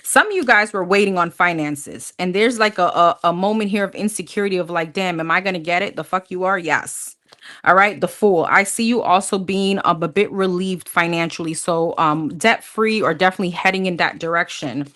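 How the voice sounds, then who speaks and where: A woman's voice: fairly low pitch, normal speed, fairly bright tone. A woman doing a live tarot reading, talking bluntly and casually, swearing freely and calling her viewers honey. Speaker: tarot reader.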